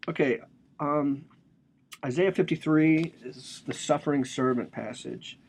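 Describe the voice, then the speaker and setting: A man's voice: a little high, unhurried, gravelly, slight background noise. A man giving a casual, joking lecture on a religious text, explaining it with slang and asides.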